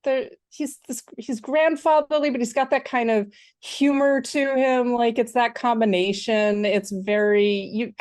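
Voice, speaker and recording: Lively woman podcast co-host, very dry sound. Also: unhurried, few pauses, dry recording. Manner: animated, acts out childish protests in a higher voice; frequent laughter and filler words. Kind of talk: casual film discussion.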